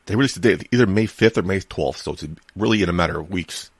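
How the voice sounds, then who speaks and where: A man with a low voice co-hosts a casual podcast, recorded dry with no room sound. He talks in an easygoing way, repeating words as he thinks aloud. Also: fast, gravelly, breathy edge, no room sound. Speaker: podcast co-host. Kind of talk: casual wrestling podcast chat.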